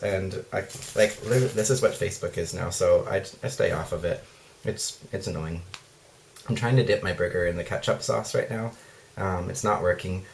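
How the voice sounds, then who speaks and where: A man's voice: fairly low pitch, steady tone, normal speed, creaky, a little hiss or hum. A young man chatting casually while eating on camera, rambling and self-mocking, full of fillers and acted-out quotes. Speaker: vlogger. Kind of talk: casual mukbang chat. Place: his room at night.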